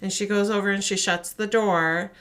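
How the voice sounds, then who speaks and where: A woman's voice: medium pitch, normal speed. A woman co-hosting a podcast, animatedly retelling a horror short and acting out the voices. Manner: animated storytelling, acts out voices. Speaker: podcast co-host.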